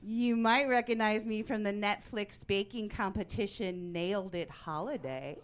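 A woman in her forties performing a stand-up comedy set, telling stories in a deadpan way that breaks into loud outbursts. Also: medium pitch, a little slow.

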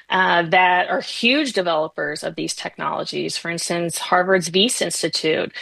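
Woman, radio interview guest, gravelly voice, hesitant, dry sound. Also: fairly low pitch, fairly bright tone, no echo. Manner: hesitant, many fillers and restarts. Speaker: guest from an advocacy group.

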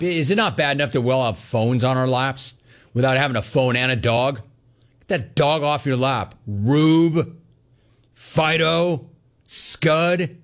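Brash radio host guy riffing on callers, punchy, keeps repeating words. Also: mid-range voice. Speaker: radio talk show host. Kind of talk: sports talk radio, taking calls. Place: radio studio.

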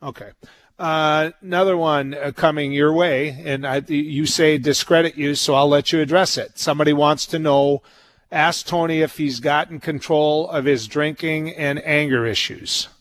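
A man hosting a live radio talk show, briskly keeping time and handing over to his guest. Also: fairly high pitch, steady tone, a bit bright, no echo. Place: by a lake outdoors.

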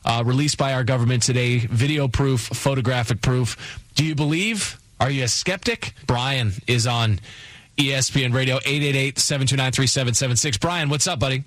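A man's voice: mid-range voice, moderate pace, no room sound, low-quality recording. Chatty radio host guy in the studio, dry close mic. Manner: excitable, chatty. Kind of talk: radio call-in show.

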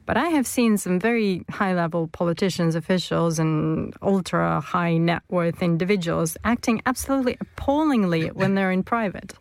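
A woman on a radio panel, chatty and quick to laugh. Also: lowish voice, no room sound, rough recording. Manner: giggly, chatty.

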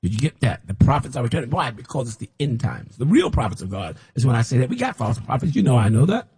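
A man preaching as a prophet in an impassioned sermon, repeating himself and rising to shouts when mocking others. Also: mid-range voice, very animated, fast talker, husky. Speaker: self-styled prophet preacher.

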